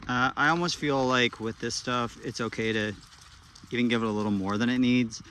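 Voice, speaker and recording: A man's voice: mid-range voice, fairly quick. Chill guy rambling about his plants outside, faint traffic hum behind him. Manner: relaxed, chatty, laughs easily, many ums. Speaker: gardening vlogger. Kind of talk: casual how-to vlog. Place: outdoor garden in the morning.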